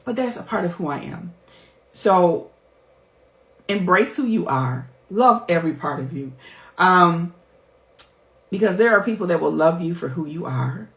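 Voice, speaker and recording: A middle-aged life coach speaks candidly to her viewers in a personal vlog, her tone heartfelt, emphatic and chatty. Her voice is on the low side and fairly bright, with lively intonation and a normal pace. The recording has a roomy echo.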